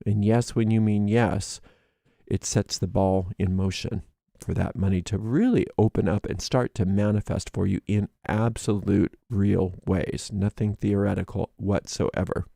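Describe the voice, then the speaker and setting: A man giving a daily tarot reading in a lively, animated monologue, laughing and acting out quoted voices, often restarting his sentences. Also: lowish voice, measured pace, creaky, no echo, studio quality. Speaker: tarot reader.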